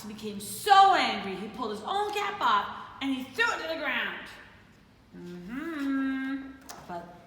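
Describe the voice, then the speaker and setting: A woman reading a picture book aloud to children, animated and talking to them between pages. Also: mid-range voice. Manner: animated, talks to kids and plays with puppets. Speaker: children's storyteller. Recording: echoey hall with faint noise.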